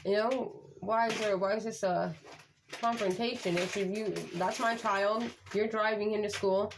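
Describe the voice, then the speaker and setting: A woman's voice: medium pitch, steady tone, a little slow, background noise. Woman, parent vlogger, casual talk to camera, frank, rambling, many fillers.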